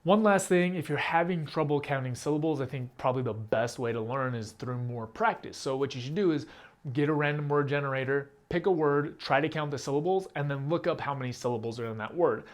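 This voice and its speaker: A man's voice: mid-range voice, brisk. A man hosting his own channel, explaining a rap technique step by step in a plain, direct, casual way. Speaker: rap teacher and channel host. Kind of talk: casual instructional talk to camera.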